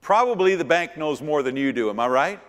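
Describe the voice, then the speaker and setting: Brisk and expressive, a middle-aged pastor and seminar speaker teaches about church finance in a fairly high, fairly bright voice. He reinforces ideas with repeated words and rhetorical questions aimed at the audience, with a long church-hall reverb on the recording.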